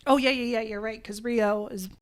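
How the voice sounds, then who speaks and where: Chatty woman with a slightly high voice. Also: fairly even intonation. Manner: chatty, quick reactions and agreement. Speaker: podcast co-host. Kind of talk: casual TV recap chat.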